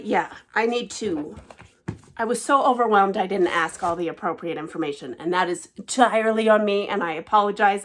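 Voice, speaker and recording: A woman talks through a haul of stitching gifts in a casual vlog. She gushes, and her voice often drops to a soft, breathy hush when she's moved. Her pitch sits in an ordinary middle range. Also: a little hiss or hum. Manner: gushing, emotional, often hushed and breathy with delight. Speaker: cross-stitch vlogger. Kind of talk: casual show-and-tell vlog.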